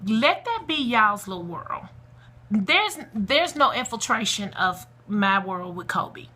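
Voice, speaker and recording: A woman's voice: mid-range voice, sing-song, slow, sharp tone. A woman talking to camera, giving blunt, emphatic parenting advice in a preachy, outspoken casual style with vernacular asides. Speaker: parenting blogger.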